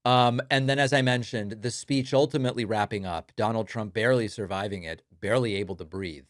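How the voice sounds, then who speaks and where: A man's voice: lowish voice, a little fast, no echo, studio quality. A man hosting political commentary, talking sardonically over speech clips and mocking the quotes.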